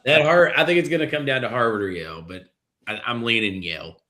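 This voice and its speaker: A man's voice: mid-range voice, quick pace, pushed and bright. A man co-hosting a casual sports talk show, giving his pick in an easygoing, joking way. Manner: easygoing, jokey, reads viewer comments. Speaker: podcast co-host.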